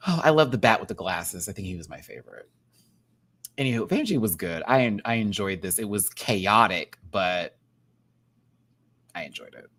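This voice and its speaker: A man reviewing a drag competition show in a casual, campy rant, laughing often and swinging between loud outbursts and quiet asides. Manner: big jumps in pitch and loudness. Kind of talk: casual commentary.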